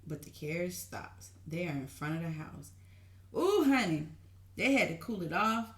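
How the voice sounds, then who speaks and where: A woman giving an excited, gushing TV recap to her viewers, calling them honey and y'all in an animated way. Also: low voice, normal speed. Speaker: TV recap vlogger. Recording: roomy echo.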